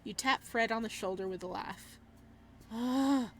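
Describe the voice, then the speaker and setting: A woman's voice: mid-range voice, fairly even intonation, fairly quick, bright, forceful tone, slight background noise. A woman hosting a gaming channel, reading a horror visual novel aloud with dramatic delivery and startled, swearing reactions.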